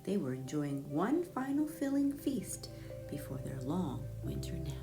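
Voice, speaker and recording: A woman reading a picture book aloud to young children, gentle and expressive, sometimes dropping to a hushed whisper. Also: sits low, a little slow, gravelly, music in the background.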